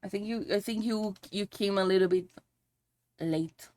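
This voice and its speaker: A woman's voice: mid-range voice, moderate pace, a little mellow, dry recording. A woman streamer chatting casually while she draws on a live stream, swearing freely and singing along to songs now and then.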